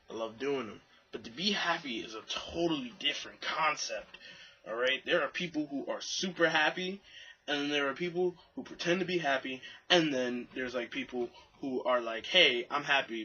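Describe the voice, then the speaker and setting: A young man vlogging to camera in a rambling, self-deprecating way, mimicking other people in high voices. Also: bright, forceful tone, husky, dull audio. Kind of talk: casual monologue to camera.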